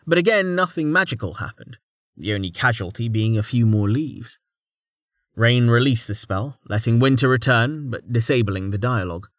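Male fantasy audiobook narrator, lively and expressive, dry close sound. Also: mid-range voice, normal speed, no echo. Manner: expressive storytelling. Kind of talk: scripted narration.

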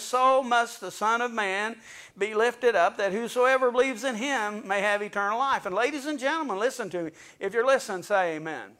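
High-voiced preacher man, fervent. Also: expressive, unhurried, a bit bright. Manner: fervent preaching, reads scripture aloud. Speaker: pastor. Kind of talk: sermon.

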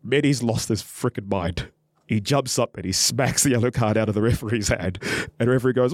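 A man's voice: mid-range voice, a little fast, dry recording. A man hosting a podcast, telling a story in casual chat, full of ums and restarts and acting out what people said. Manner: animated, acts out quotes, many ums and restarts. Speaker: podcast host and football club official.

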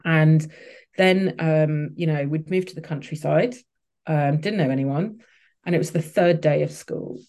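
A woman appearing as a podcast guest tells a personal story openly and emotionally, full of restarts and fillers. Her voice is deep, a little slow and somewhat mellow.

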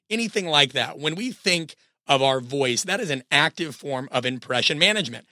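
Bright, dry-voiced man with a cold. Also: fairly high pitch, expressive, normal speed, no echo. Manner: earnest, coaching tone, addresses listeners directly. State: sick with a cold. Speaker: podcast host and coach. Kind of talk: solo podcast talk.

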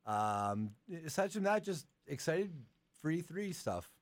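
A man's voice: a little high, big pitch swings, measured pace. Congested, chatty male podcast co-host. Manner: chatty, lots of "like" fillers. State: congested from allergies. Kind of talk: casual podcast chat.

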